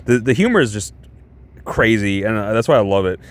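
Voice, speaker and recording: A man casually reviewing a show in a vlog, excitable and rambling, swearing a lot. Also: lowish voice, brisk.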